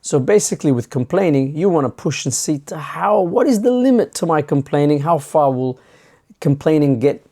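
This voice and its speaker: Man, channel host, reflective monologue, conversational, dark mellow tone. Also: on the high side, lively intonation, normal speed. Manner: acts out imagined dialogue in a conversational way.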